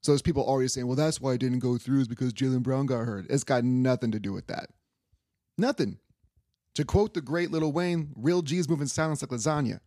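A man's voice: medium pitch, fairly quick, warm tone, no echo, studio quality. A young man hosting a casual sports podcast, rambling loosely and swearing offhand. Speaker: podcast host.

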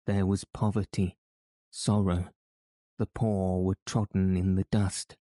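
A man's voice: low voice, mellow, no room sound, studio quality. A man reading an audiobook, voicing a frenzied, guilt-ridden curate who wails and rants about judgment. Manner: ranting, wailing, declamatory.

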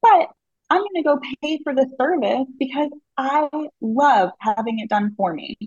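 A woman's voice: high-pitched, animated, moderate pace, a little mellow, husky, no room sound, highs cut off. A woman podcast host, eagerly chiming in during a casual conversation. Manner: affirming, eager.

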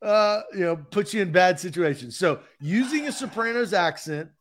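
A man's voice: sits high, expressive, moderate pace, a little hiss or hum. Upbeat man hosting a sports show. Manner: upbeat, laughs often. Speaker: host. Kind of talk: casual sports talk.

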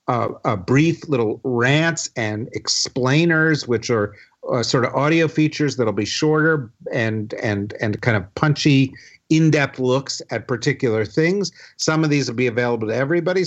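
A man's voice: mid-range voice, highs cut off. A man hosting a podcast, announcing plans in a loose, rambling way with many fillers. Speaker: podcast host. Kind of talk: casual podcast chat.

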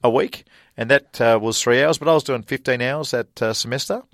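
A man's voice: mid-range voice, fairly quick, a bit bright, no echo, clean studio sound. A middle-aged Australian man, a golfer guest, telling stories in a casual interview, full of fillers and laughs. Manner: chatty anecdotal storyteller with frequent fillers and laughs.

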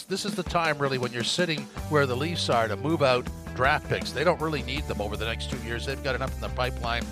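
A man hosting a sports podcast, talking emphatically and exclaiming his verdicts. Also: medium pitch. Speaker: podcast host.

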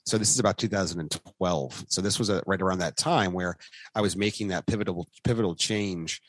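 A man's voice: deep voice, fairly quick, dry recording. A man co-hosting a podcast, talking casually and rambling through book recommendations with frequent restarts. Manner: rambling, restarts, faith-focused book talk. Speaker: podcast co-host. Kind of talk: casual chat.

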